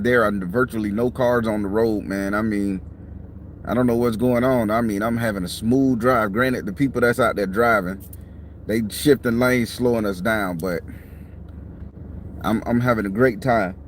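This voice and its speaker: Here a tired middle-aged tarot reader who runs his own channel speaks casually to camera from his parked car, yawning, blunt and heavy on profanity. The voice is mid-range with a steady tone and moderate pace. A clip-on mic captures it with slight background noise.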